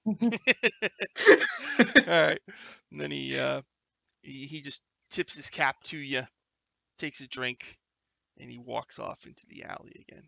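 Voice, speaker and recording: A man's voice: fairly high pitch, huge pitch swings, slow pace, gravelly, long pauses, pushed and bright, no echo. A man in a laid-back, chatty way, narrating a tabletop game as game master.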